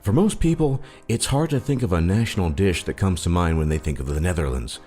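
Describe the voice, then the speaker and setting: A man's voice: low voice, animated, brisk, dark tone, husky, soft background music. A man giving scripted narration for a list video, with a wry, joking delivery.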